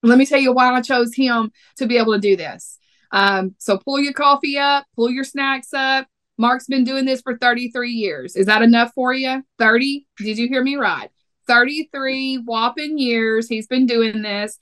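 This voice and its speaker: A woman's voice: on the high side, normal speed, fairly bright tone. A woman with a Texas accent hosting a podcast, chatting in a playful, teasing way. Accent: Texan. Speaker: podcast host. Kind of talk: casual podcast chat.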